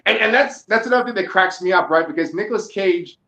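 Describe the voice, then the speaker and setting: A man's voice: high voice, fast. Joking, foul-mouthed man in an echoey room. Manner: profane, joking, animated storytelling. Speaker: podcast co-host. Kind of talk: casual chat.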